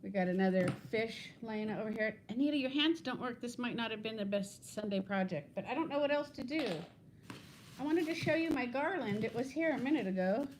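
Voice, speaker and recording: A woman's voice: fairly high pitch, lively intonation, a little fast. A woman in her fifties chats on a casual livestream from home, rambling from one thing to the next and laughing often. She greets viewers by name. Her phone picks her up, with a faint hiss behind her voice. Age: 50s. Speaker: livestream host.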